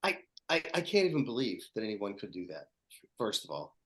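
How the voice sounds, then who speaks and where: A man hosting a podcast, asking his guest questions in a casual, expressive way. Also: fairly low pitch, brisk.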